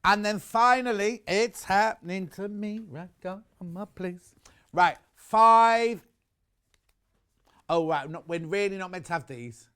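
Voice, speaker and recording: A man's voice: sits high, a little slow, a bit bright, clear, resonant tone. A man presenting on a live shopping channel, chatty and enthusiastic, rambling into personal asides between prices.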